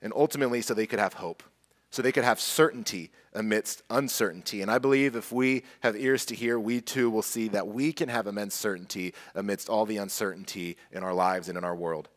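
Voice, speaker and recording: A man's voice: on the low side, a little fast. A man preaching a sermon as pastor, earnest and conversational, with light self-deprecating asides. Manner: hushed, soft prayer.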